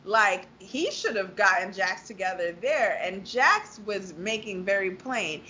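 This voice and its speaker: A woman's voice: mid-range voice, lively intonation, unhurried, sharp tone, dull audio, a little hiss or hum. A woman co-hosting a casual reality-TV recap chat, emphatic and swearing freely.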